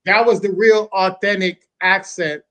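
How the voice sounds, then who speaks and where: A man, talking in a measured, earnest way as podcast co-host. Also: sits high, fairly even intonation, bright, forceful tone. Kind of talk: casual podcast chat.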